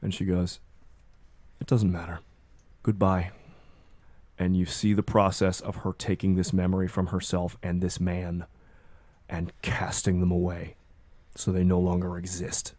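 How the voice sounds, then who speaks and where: Game master, male, low flat delivery, grave measured narration. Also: dry recording. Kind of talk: narrating a tabletop horror game.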